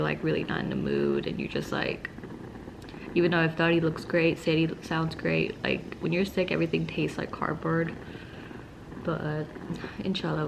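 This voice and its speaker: A congested woman chats to her vlog viewers from home in a low, gravelly voice. A steady hiss of noise from a steamer runs under her talk. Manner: chatty, laughs between lines. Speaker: vlogger. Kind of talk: casual vlog chat.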